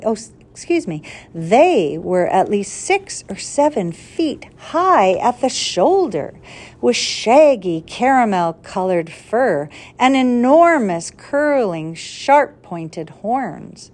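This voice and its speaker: A woman reading a children's adventure story aloud with an expressive, deliberate delivery. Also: a little high. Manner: expressive, deliberate read-aloud with a slip corrected.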